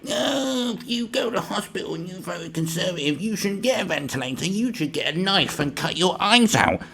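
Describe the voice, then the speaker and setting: A man's voice: sits high, lively intonation, normal speed, vocal fry, pushed and bright, voice pushed up, full character voice. A man putting on a whiny, sneering parody of a self-righteous activist. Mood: mocking. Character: shrill self-righteous scolding activist, mocked.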